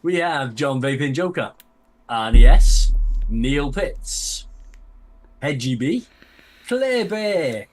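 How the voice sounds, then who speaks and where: A man co-hosting a live stream, slowly reading out a list of viewer names. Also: mid-range voice, expressive. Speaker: co-host reading chat names. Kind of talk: casual live-stream chat.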